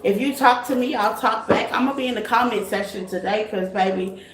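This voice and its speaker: A woman hosts a tarot live stream, chatting casually and calling her viewers things like baby and honey. Her voice is a little high and a little fast, and the room is echoey with faint noise.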